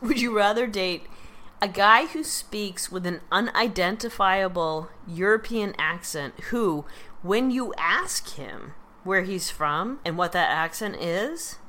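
A woman's voice: medium pitch, expressive, takes it slowly, sharp tone. A middle-aged woman co-hosting a podcast, chatting casually with a playful, teasing, giggly manner. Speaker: podcast co-host. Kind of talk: casual banter.

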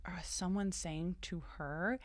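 A woman's voice: lowish voice, fairly even intonation, slow, no echo. A young adult woman from Massachusetts, a comedian chatting as a podcast guest and telling rambling, self-mocking stories with lots of fillers. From Massachusetts, USA. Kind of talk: casual chat.

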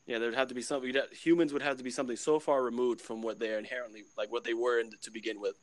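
A man's voice: mid-range voice, fairly even intonation, rapid-fire, no room sound. A young man co-hosting a podcast in casual chat, rambling and laughing often as he talks. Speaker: podcast co-host.

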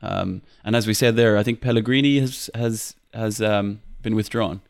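Chatty Irish man, low voice, dry. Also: fairly even intonation, moderate pace, gravelly, smooth, no echo. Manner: chatty, laughs often, many fillers and restarts. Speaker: podcast host. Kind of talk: casual football podcast chat.

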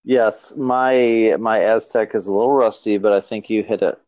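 A male podcast co-host talks casually, dropping wry, deadpan remarks. His voice sounds dull and close on a dry, lo-fi mic. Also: lowish voice, normal speed, dry recording. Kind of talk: casual chat.

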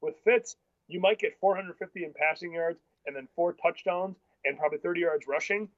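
A man co-hosting a casual sports podcast, arguing football picks bluntly and in rapid bursts. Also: fairly high pitch, no echo. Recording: dull lo-fi sound.

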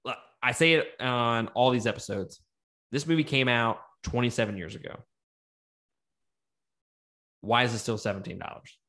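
Male co-host, middle pitch, loose and profane, casual movie-review banter. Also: normal speed, pauses often. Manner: animated, profane, laughs often. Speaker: podcast co-host.

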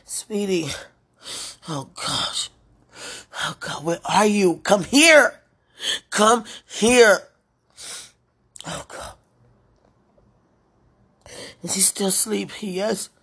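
A woman speaking an emotional prayer out loud, pleading and tender, repeating her phrases. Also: fairly low pitch, takes it slowly, pauses often, breathy edge.

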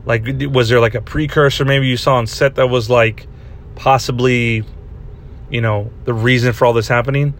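A man's voice: mid-range voice, steady tone, brisk, fairly bright tone, slight background noise. A man hosting a comedy podcast, asking rambling, stammering interview questions. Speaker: podcast host playing interviewer.

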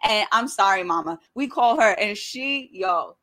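A young woman telling a story in casual chat, animated and swearing freely. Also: medium pitch, measured pace.

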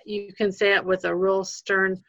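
A woman's voice: mid-range voice, level tone, unhurried, fairly bright tone, no room sound. A woman, a guest educator, giving parenting advice in casual talk, earnest, with many fillers and restarts. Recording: dull lo-fi sound.

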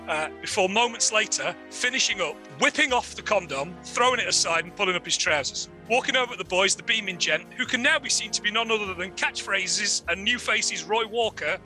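A man telling a crude comic anecdote with lively relish. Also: high voice, a little fast, few pauses, soft background music. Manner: lively, laughs at own story, crude. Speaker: guest storyteller.

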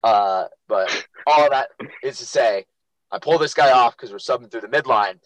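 A man's voice: mid-range voice, moderate pace, dry recording, poor audio. Chatty young man telling stories. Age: young adult. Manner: animated storyteller, acts out quotes. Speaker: podcast co-host and youth lacrosse coach. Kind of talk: casual chat.

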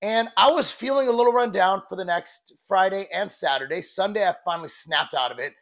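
A man's voice: high-pitched, brisk, fairly bright tone. A man in his forties, a fitness coach, talking candidly and bluntly in a rambling, casual vlog style. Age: 40s.

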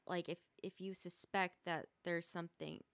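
A woman's voice: on the low side, little pitch movement, normal speed, gravelly, fairly bright tone, no echo. A woman hosting a casual solo podcast from her rural home, rambling and often stumbling over her words and restarting. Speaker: podcast host.

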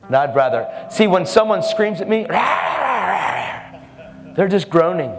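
A man's voice: high voice, big pitch swings, slow, vocal fry. A man preaching a sermon boldly and emphatically, with laughing asides. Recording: hall reverb with faint music.

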